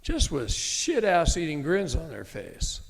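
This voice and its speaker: A man's voice: on the high side, huge pitch swings, a little slow, creaky, breathy edge, big-room sound. A middle-aged man telling a story to a live audience in a blunt, folksy, emphatic way, with occasional cursing. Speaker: speaker at a live event. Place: meeting room with an audience.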